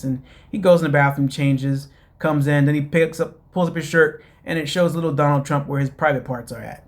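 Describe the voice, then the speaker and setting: Male host with a slightly high voice, loose and chatty, rambling through a TV gossip recap aimed straight at his viewers. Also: fairly quick, hardly any pauses. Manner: chatty, addresses listeners as "guys"; rambling with many fillers. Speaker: show host. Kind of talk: casual reality TV recap.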